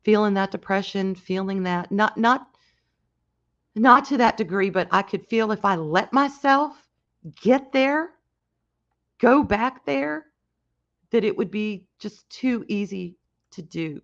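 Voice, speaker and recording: A woman hosting a casual livestream, talking in a halting, emotional way with many restarts and reading out chat comments. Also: medium pitch, lively intonation, highs cut off. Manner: reads and answers chat comments. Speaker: livestream host.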